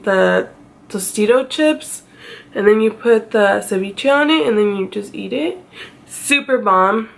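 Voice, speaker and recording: Slow, gravelly-voiced woman telling a story. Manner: chatty, self-mocking, acts out her own past crying in a high wail. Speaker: vlogger. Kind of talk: casual story time.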